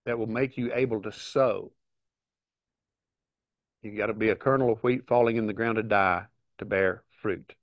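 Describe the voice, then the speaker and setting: A man's voice: lowish voice, steady tone, no room sound. Earnest man teaching the Bible, dry sound. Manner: earnest, emphatic, reads scripture aloud with pauses. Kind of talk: informal Bible study teaching.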